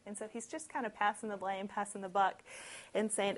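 Expressive woman preaching a sermon. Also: mid-range voice, a little fast. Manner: conversational and expressive, with light laughs and lively asides. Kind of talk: sermon, reading and explaining scripture.

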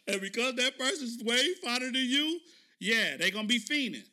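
A man hosting a podcast, telling a story in a casual, animated way and often asking listeners "right?". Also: very high voice, measured pace, long pauses. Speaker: podcast host.

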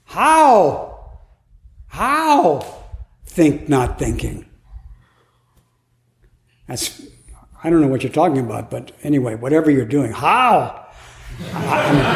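A man's voice: medium pitch, gravelly, a little mellow. Zen teacher guy rambling playfully at a retreat, echoey room. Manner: playful, laughing, musing aloud. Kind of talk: dharma talk at a retreat. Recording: echoey room, faint noise.

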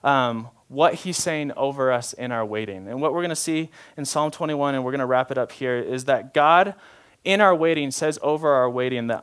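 A man preaching a sermon as pastor, talking in a relaxed, informal way and shifting between soft, slow passages and louder, emphatic ones. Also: mid-range voice, smooth. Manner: informal, often uses "like" and restarts.

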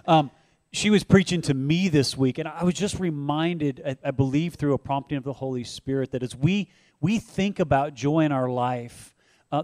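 A man pastor preaching in a relaxed, conversational way, with frequent fillers. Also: a little high, no room sound. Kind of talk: sermon co-hosting.

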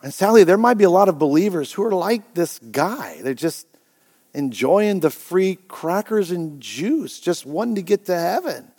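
A male pastor preaching a sermon with energy and folksy asides, his voice climbing toward near shouts. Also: high-pitched, very animated, moderate pace, breathy edge. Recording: long church hall reverb.

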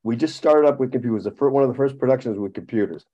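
Rambling, profane middle-aged storyteller. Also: male voice, medium pitch, racing, mellow, muffled recording. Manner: rambling, profane, self-deprecating, with many restarts. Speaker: podcast guest. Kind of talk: casual anecdote telling.

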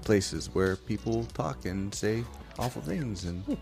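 Casting: male podcast co-host, very deep voice with wide swings, rambling thanks, music clearly behind. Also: expressive, takes it slowly, darkish tone. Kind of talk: casual group chat sign-off.

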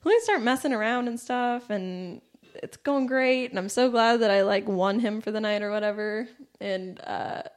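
Animated young woman telling a story. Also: mid-range voice, normal speed. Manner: animated, laughing storyteller acting out quotes. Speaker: comedian guest. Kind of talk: casual storytelling chat.

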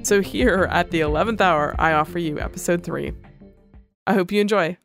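A woman hosting a podcast, chatting casually and retelling stories with plenty of "like" and quick restarts. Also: fairly low pitch, music in the background. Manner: chatty, lots of "like", lively retelling. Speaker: podcast host.

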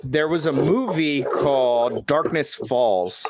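A man's voice: medium pitch, slow, noisy background. A man hosting a podcast in casual chat, telling stories loosely with lots of swearing and filler words. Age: adult father. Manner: loose and profane, full of fillers. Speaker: podcast host.

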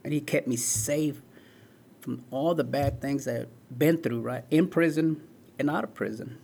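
Gravelly man in his forties telling his story. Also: medium pitch, a little slow, darkish tone, a little hiss or hum. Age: 40s. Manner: earnest, storytelling with filler "man" and "right". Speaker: interview guest.

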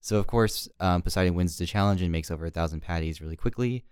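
Deep-voiced man recapping an episode. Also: fast, a little mellow, clear, resonant tone, no echo, clean studio sound. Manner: rambling, filler-heavy storytelling. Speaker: podcast co-host.

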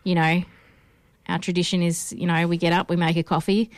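A woman's voice: on the low side, little pitch movement, brisk, no room sound. An Australian woman hosting a casual film podcast, chatty and rambling with lots of ums and restarts. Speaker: podcast host.

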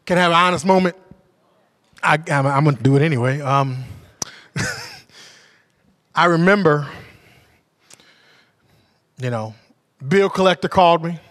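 A male preacher with a bright, ringing, high-pitched voice tells a personal story in his sermon, full of animation. He builds to shouts, then sinks to near whispers, unhurried and pausing often.

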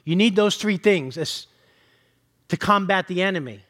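A man's voice: high-pitched, animated, moderate pace, fairly bright tone. A male pastor preaching a sermon, reading scripture and teaching in an earnest, direct way.

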